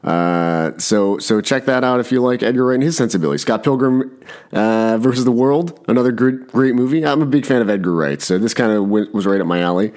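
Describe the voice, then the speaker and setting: A man's voice: mid-range voice, a little fast, a little mellow. A man hosting his own podcast in a rambling, self-deprecating way, often restarting his sentences. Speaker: podcast host. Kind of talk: casual podcast monologue.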